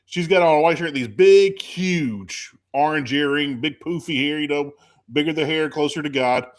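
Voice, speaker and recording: A man hosting a casual chat, telling a lively story and acting out quotes. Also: a little high, normal speed. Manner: animated storyteller, acts out quotes. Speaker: podcast host.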